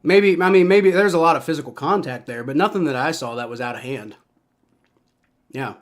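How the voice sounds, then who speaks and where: A young man giving live play-by-play reaction to a football game, excitable and swearing as he reacts to each play. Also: fairly high pitch, fairly quick.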